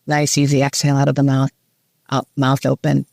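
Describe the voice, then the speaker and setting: Woman, breathwork guide, calm and instructive, dry room. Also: extremely low pitch, fairly quick, vocal fry, dry recording. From United States. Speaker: breathwork facilitator guest. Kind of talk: guided breathing and podcast chat.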